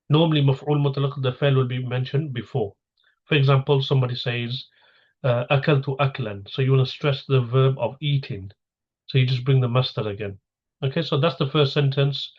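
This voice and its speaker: A man's voice: mid-range voice, steady tone, moderate pace, husky, highs cut off. A man teaching a grammar lesson, patiently breaking each sentence down step by step and repeating key terms.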